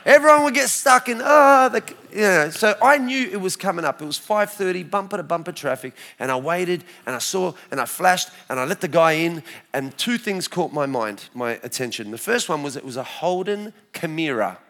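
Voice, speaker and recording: A man in his forties with an Australian accent, telling his faith story to a church crowd in a lively, storytelling way. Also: a little high, moderate pace, hardly any pauses. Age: 40s. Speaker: speaker sharing his testimony. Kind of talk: church testimony talk.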